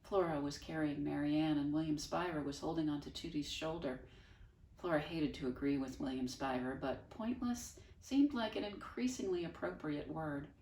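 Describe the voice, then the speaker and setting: A woman teacher reading a children's novel aloud, expressive with wry, dry asides. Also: low voice, normal speed, slight background noise. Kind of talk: storybook read-aloud. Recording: echoey room, voice from far off.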